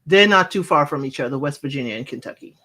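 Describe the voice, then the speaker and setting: Measured, explanatory American co-host. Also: medium pitch, expressive, sharp tone. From American with West Indian roots. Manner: measured, explanatory, with many fillers. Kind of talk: casual chat.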